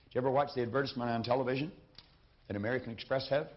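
A man's voice: medium pitch, steady tone, racing. Emphatic man lecturing, dull lo-fi sound. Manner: emphatic, repeats key phrases. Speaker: seminar speaker. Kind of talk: motivational lecture. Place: lecture stage with a lectern. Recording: dull lo-fi recording.

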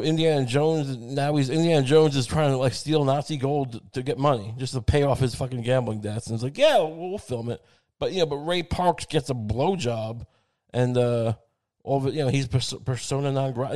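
A man's voice: a little high, darkish tone. A man on a crude, rambling comedic rant, swearing constantly and digressing, slipping into mocking voices for the people he quotes.

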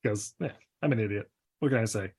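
A man's voice: lowish voice, a little fast, a little mellow, breathy edge. A man hosting a casual film podcast, telling stories animatedly and acting out quotes with self-deprecating humor. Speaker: podcast host.

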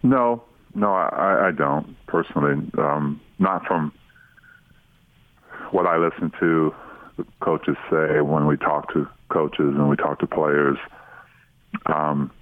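Guest broadcaster, male, very deep, relaxed and halting, close dry mic. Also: no echo, phone-quality sound. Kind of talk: casual radio chat.

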